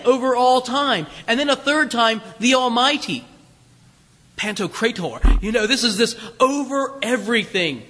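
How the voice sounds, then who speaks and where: High-voiced preacher in a reverberant hall. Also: male voice, pushed and bright. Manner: emphatic, repeats phrases for stress, reads scripture slowly. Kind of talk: sermon. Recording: long reverb of a large hall.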